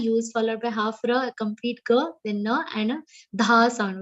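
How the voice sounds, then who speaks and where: High-pitched indian english lady teaching sanskrit chanting, slow and careful, dull lo-fi call audio. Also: steady tone. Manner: slow, precise, chanting example verses and correcting pronunciation. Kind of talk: online pronunciation class. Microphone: online video call.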